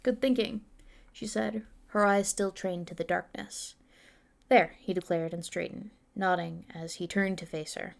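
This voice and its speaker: A woman's voice: fairly low pitch, flat delivery, moderate pace, creaky, hardly any pauses. A woman streaming a reading of her own novel, chatting casually with viewers and talking herself through the pages. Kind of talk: livestream chat and book reading.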